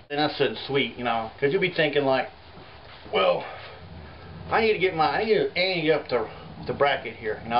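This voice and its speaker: Guy rambling a funny story, lots of "you know", mid pitch, muffled lo-fi audio with faint hiss. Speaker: folk artist. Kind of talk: rambling comic monologue.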